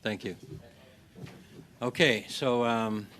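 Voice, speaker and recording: A man of middling pitch runs a committee meeting, moving briskly through procedure. He fills pauses with frequent filler sounds, and a faint noise floor sits behind him. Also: a bit bright. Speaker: committee chair. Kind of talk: chairing a meeting. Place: committee room.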